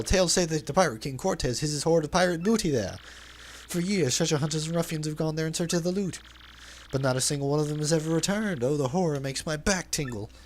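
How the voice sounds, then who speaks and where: A man's voice: on the high side, a little hiss or hum, natural voice. A man voicing a flamboyant, pompous male trader and sailor in a video game dub, with grandiose, overly formal phrasing. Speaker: let's play dubber.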